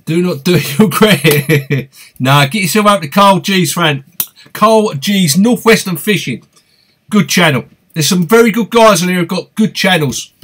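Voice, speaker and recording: Man, East London accent, high voice, chatty and upbeat, live stream host reading comments. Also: lively intonation, moderate pace, fairly bright tone, a little hiss or hum. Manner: chatty and upbeat, greets viewers by name. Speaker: fishing channel host.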